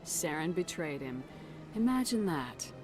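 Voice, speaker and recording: A blunt female starship commander from a video game. Her voice sits very low and her lines are short and direct. Loud game music plays beneath her. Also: very animated, unhurried. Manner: blunt, terse. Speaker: game character.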